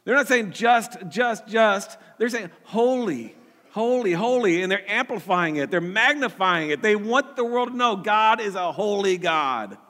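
A man's voice: sits high, animated, moderate pace, hardly any pauses, sharp tone, in a large hall. A man preaching a sermon as pastor, earnest, often repeating words and restarting his sentences.

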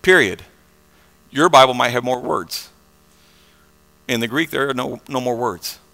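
A pastor preaching a conversational sermon, repeating words and swinging between soft and loud passages. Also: male voice, mid-range voice, a little slow, gravelly, long reverb tail.

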